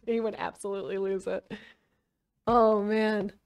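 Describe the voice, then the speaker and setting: A woman's voice: medium pitch, clear, resonant tone, recorded from a distance. A woman streamer chatting casually with viewers and reading a book aloud, giggly and full of fillers.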